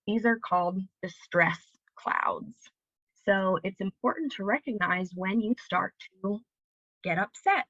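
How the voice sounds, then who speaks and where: Woman presenting a calm lesson, dry sound. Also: medium pitch, unhurried, no room sound, highs cut off. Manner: clear, steady teaching delivery with examples. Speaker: library presenter. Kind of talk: recorded educational presentation.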